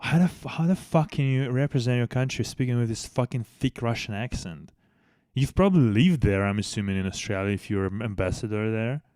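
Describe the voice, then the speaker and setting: A man's voice: mid-range voice, brisk, darkish tone, dry recording, clean studio sound. A man hosting a news commentary channel in casual, blunt style, swearing heavily and restarting sentences, speaking English as a second language. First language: not English.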